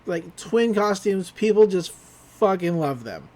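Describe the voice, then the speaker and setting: A man quoting an excited young girl in a raised, gushing voice. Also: high voice, slow, exaggerated voice.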